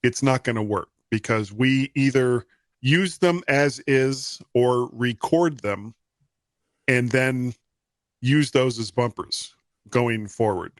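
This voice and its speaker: A man's voice: mid-range voice, slow pace, dry recording, clean studio sound. A man hosting a podcast in casual chat, loose and rambling as he explains. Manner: relaxed, rambling with restarts. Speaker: podcast host.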